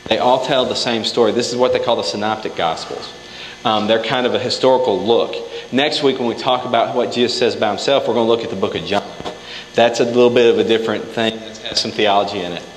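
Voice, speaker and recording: A man's voice: mid-range voice, a little hiss or hum. A man preaching a sermon in a church hall. He talks casually and acts out the scripture quotes himself. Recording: echoey hall, faint ambience.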